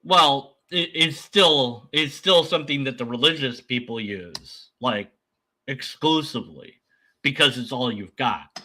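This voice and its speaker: A man's voice: mid-range voice, unhurried, bright, forceful tone. A man giving rambling, sarcastic commentary while reacting to a video. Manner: rambling, mocking, sarcastic asides.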